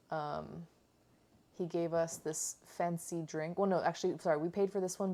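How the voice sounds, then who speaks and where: Rambling woman with a low voice. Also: dark tone. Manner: rambling, lots of "like" and "um". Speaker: food vlogger. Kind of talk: casual storytelling vlog chat.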